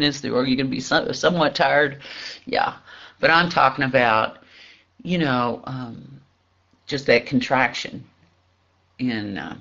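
Guy doing a slow spiritual reflection, lots of pauses and little laughs, muffled lo-fi sound. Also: medium pitch. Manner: halting, searching, with soft laughs and frequent pauses. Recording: dull lo-fi recording.

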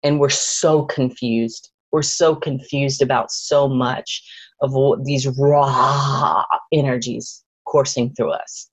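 Middle-aged woman, low-pitched, heartfelt and searching, repeats herself, emotional high peaks. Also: steady tone, takes it slowly, breathy edge, poor audio. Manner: emotional, searching, repeats words and restarts, voice rising high in emotional moments. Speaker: spiritual teacher sharing a personal story. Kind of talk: heartfelt personal sharing.

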